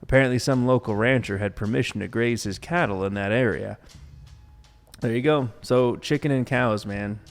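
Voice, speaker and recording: A man co-hosting a podcast, reading a story and making deadpan jokes. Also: mid-range voice, moderate pace, faint music behind. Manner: joking, deadpan asides. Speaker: podcast co-host. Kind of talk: reading stories aloud with banter.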